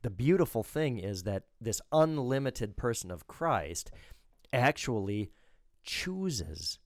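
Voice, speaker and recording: A man's voice: mid-range voice, very animated, takes it slowly, darkish tone, no room sound, studio quality. A man, a pastor, explaining scripture in a theological talk with an emphatic, lecturing manner. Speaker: pastor, co-host. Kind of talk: theological discussion.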